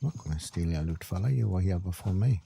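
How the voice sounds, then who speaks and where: A man's voice: sits low, animated, quick pace, gravelly, background noise. A man giving chatty, self-mocking running commentary while playing a shooter game. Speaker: gaming channel host. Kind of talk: let's play commentary.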